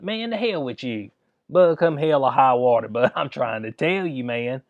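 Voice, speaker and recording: A man's voice: medium pitch, expressive, moderate pace, dry recording, lo-fi sound. A man hosting his own channel, giving heated, informal commentary with lots of slang, emphatic outbursts and frequent laughs. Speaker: channel host.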